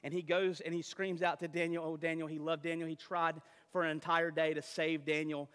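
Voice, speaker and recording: A man preaching a sermon to his church, dramatic, swinging between booming emphasis and hushed asides. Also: flat delivery, a little fast, clear, resonant tone. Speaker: pastor. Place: church sanctuary. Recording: reverberant church hall.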